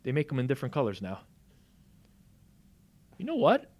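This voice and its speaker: Male co-host, casual banter, animated swings in pitch, joking and quick. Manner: lively, animated, jokey banter. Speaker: co-host of a sports betting watch-along. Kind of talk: casual live game chat.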